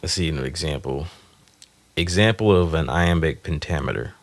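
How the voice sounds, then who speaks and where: A man's voice: extremely low pitch, normal speed. A man talking casually to himself while writing a song, trying out lines and sometimes singing them. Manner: thinks aloud, sings lines over a beat. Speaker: music producer.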